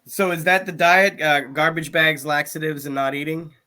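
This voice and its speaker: A man's voice: a little high, fairly even intonation, moderate pace, pushed and bright. A man co-hosting a casual comedy chat, teasing and laughing often on a video call. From Cleveland area. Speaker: comedian co-host. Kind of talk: casual banter.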